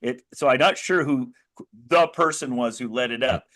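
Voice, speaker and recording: An American man talking as an interview guest at a mid pitch. He tells his story with earnest energy, stopping and restarting mid-sentence as he works up to a point. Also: moderate pace, fairly bright tone. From United States. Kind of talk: conversational interview.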